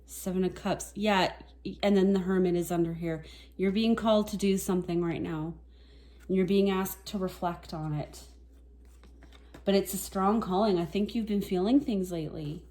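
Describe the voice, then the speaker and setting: Soft, dark-toned woman reading tarot. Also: on the low side, normal speed. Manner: soft-spoken, emotional, reflective, with sniffles and laughs. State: teary, sniffling. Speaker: tarot reader. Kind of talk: casual tarot reading to camera.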